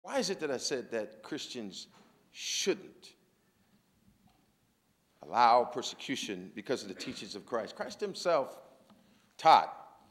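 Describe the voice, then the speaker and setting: A man's voice: medium pitch, sing-song, normal speed, hardly any pauses. A man giving a talk at an interfaith symposium in a casual, searching manner. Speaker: symposium speaker. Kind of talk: conversational talk.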